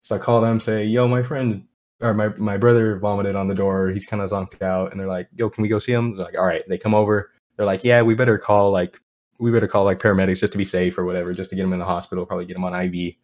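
A man's voice: low voice, flat delivery, fast talker, darkish tone. A man co-hosting a podcast, telling a rambling story in casual chat, laughing often. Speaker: podcast co-host.

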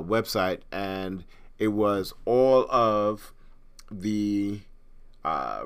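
A man's voice: lowish voice, fairly bright tone, smooth. A middle-aged man from Trinidad hosting a podcast in casual, rambling chat, with frequent restarts. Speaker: podcast host.

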